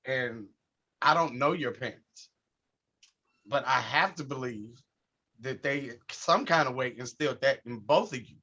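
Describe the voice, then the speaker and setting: A man's voice: medium pitch, unhurried, long pauses, sharp tone. A man hosting a casual podcast chat, talking expressively and swearing casually. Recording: dull lo-fi sound.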